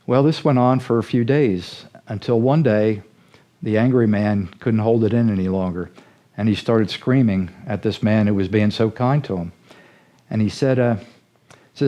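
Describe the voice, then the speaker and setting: Low, mellow-voiced man telling a story. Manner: folksy, earnest storyteller. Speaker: ministry leader. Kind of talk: storytelling sermon-style talk.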